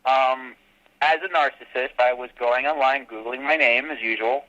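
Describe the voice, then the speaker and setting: A man being interviewed about his fan films, telling animated stories and acting out quotes. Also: medium pitch, moderate pace, dull audio. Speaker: fan filmmaker guest. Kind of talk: casual podcast interview.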